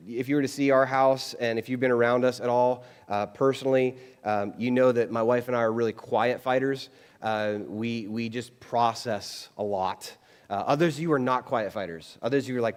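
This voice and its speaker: A man's voice: mid-range voice, normal speed, in a large hall. A man preaching a casual, conversational sermon as pastor, acting out bits of everyday dialogue. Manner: chatty, animated, acts out quoted dialogue. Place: church sanctuary.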